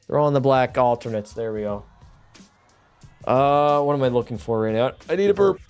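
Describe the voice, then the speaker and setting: A man's voice: mid-range voice, moderate pace, clean tone, faint music behind. A young man streaming a hockey game live, talking to his chat, swearing and getting fired up, a bit tipsy. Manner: profane, excitable, talks to chat. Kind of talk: live gameplay commentary.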